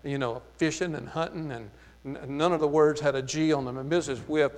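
A man's voice: fairly high pitch, fairly even intonation, brisk. Southern guy reading scripture then explaining it, lots of "uh, there", long hall reverb. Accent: light Southern US. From American South. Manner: reads scripture aloud, then explains it with frequent "uh, there" fillers. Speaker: Bible teacher. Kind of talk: Bible study sermon.

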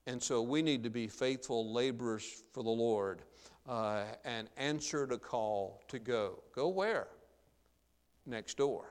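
A man's voice: medium pitch, slow pace, clean tone. A man preaching a sermon in an earnest, emphatic way, his voice rising when he quotes Scripture. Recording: long reverb of a large hall.

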